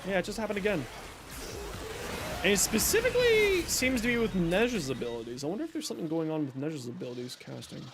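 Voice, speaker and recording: A young man livestreaming a game, talking casually with chat and ribbing his viewers. His voice sits fairly high and swings up and down a lot. Clear game noise runs behind him. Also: fast. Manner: animated, reacts to chat and teases viewers. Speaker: streamer. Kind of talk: casual live-stream chat while gaming.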